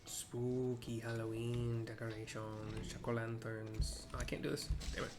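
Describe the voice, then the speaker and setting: A man's voice: mid-range voice, little pitch movement, a little slow. A man casually narrating his gameplay for blind viewers, chatty and wry, reacting to the story as it plays.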